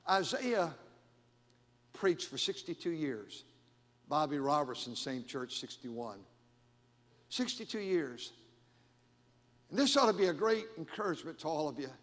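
A middle-aged man preaching a sermon as pastor, animated and emphatic with frequent repetitions, in a church sanctuary. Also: a little high, measured pace, pauses often. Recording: long hall reverb.

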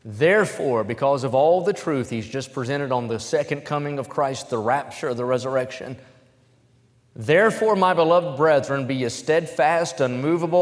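A man preaching from the pulpit, telling his story plainly and then rising into loud, emphatic reading of scripture. His voice has a middling pitch, and the sound rings with the long reverb of a large hall. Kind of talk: sermon.

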